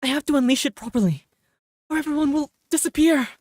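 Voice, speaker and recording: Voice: high voice, fast talker, a little mellow, dry recording, studio quality, voice pushed up, close to an everyday voice. A streamer with a northern English accent voicing an earnest, loyal young female knight from a game, with strained, pushed cries. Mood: desperate.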